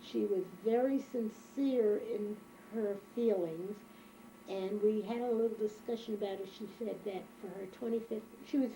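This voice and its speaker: Older woman, from Germany, oral history interview, reflective storyteller, very dark mellow tone. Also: medium pitch, moderate pace, creaky, slight background noise, low-quality recording.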